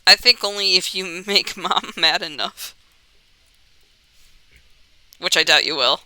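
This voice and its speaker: A woman's voice: lowish voice, slow pace, bright, forceful tone, dry recording, low-quality recording. A woman streamer chatting casually in a virtual world, easygoing and laughing often.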